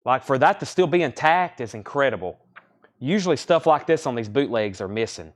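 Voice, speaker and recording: A man's voice: medium pitch, expressive, fairly quick. Chatty man running a live record sale. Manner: chatty, rattles off prices and bids. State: out of breath. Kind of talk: casual live-stream auctioneering.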